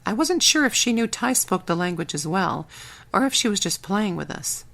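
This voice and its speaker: A woman reading a first-person audiobook in a wry, brisk storytelling manner. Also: mid-range voice, very animated, gravelly, fairly bright tone. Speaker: audiobook narrator.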